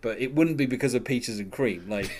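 A man's voice: mid-range voice, fairly quick, a little mellow. A man hosting a casual music podcast, rambling with many fillers and restarts and laughing often. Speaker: podcast host.

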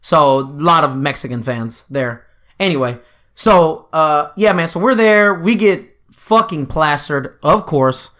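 A man's voice: fairly high pitch, a little slow, fairly bright tone. A man hosting a podcast, telling a rambling, crude story with lots of fillers. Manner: crude, rambling, lots of fillers and "you know what I'm saying". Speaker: podcast host. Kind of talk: casual storytelling chat.

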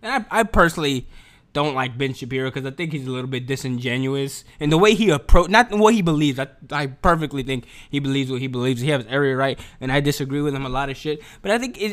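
Young male commentator, cursing slangy rant, high and lively voice. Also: clear, resonant tone. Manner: profane, animated, repeats himself, slangy. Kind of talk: casual opinion rant.

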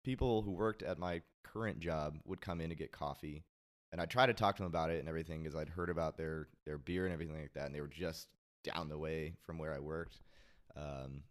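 A man with a low, deep voice, chatting as a guest on a talk show. He rambles through his story with plenty of fillers and the odd swear word. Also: steady tone, a little fast, a little mellow. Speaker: podcast guest. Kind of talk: casual chat.

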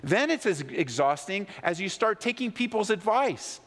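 A man with a fairly high voice preaches from the pulpit of a church sanctuary, as the long reverb of a large hall rings after his words. He moves between loud, pleading questions and low, hushed emphasis, with the steady address of a pastor delivering a sermon. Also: moderate pace.

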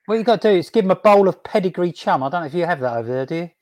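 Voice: medium pitch, expressive, rapid-fire, darkish tone. A podcast host in casual chat who jokes with the guest and laughs along.

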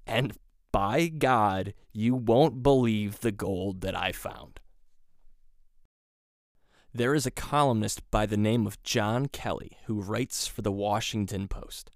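A man's voice: mid-range voice, no echo, clean studio sound. Rambling sarcastic male podcast host. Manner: rambling, sarcastic, self-deprecating asides. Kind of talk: casual solo podcast monologue.

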